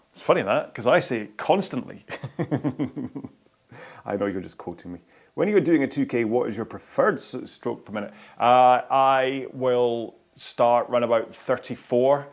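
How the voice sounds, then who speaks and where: A man's voice: mid-range voice, gravelly. A man hosting a live rowing workout stream, talking in a chatty, rambling way with lots of fillers and restarts.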